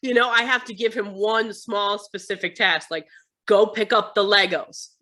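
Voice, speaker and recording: An American woman chatting as an interview guest, with a bright, forceful tone. She tells stories with animation, slipping into other people's voices as she goes. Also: mid-range voice, moderate pace. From United States. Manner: animated storytelling, acts out her sons' voices. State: tired. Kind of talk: casual interview chat.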